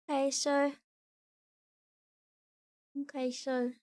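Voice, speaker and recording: High-voiced woman cooing softly. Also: fairly even intonation, takes it slowly, pauses often, soft background music. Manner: soft, cooing baby talk to a pet. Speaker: VTuber streamer. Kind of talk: casual stream chat.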